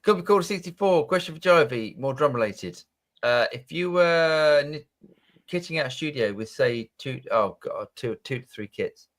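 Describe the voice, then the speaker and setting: A man's voice: on the high side, animated, normal speed, fairly bright tone. A man hosting a live Q&A, reading out viewer questions in a rambling, self-interrupting way. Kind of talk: casual chat.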